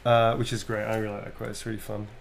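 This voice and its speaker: A man's voice: fairly low pitch, fast talker, creaky, a little hiss or hum. A British man, a voice actor, chatting casually on a livestream about voices and accents while signing autographs. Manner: relaxed, demonstrates voices, swears casually.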